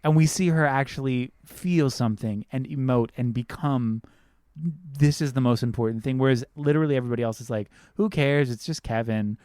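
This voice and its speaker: Speaking briskly, a man co-hosting a podcast gets earnest about movies in a casual chat. He acts out quotes and repeats phrases while thinking. His medium-pitched voice is dark yet clear and resonant, recorded in a clean studio with no echo.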